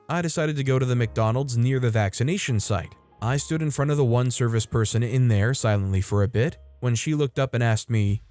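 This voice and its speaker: A man's voice: mid-range voice, a little mellow. A man casually narrating online stories and adding chatty asides of his own. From United States. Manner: conversational, chatty asides between read passages.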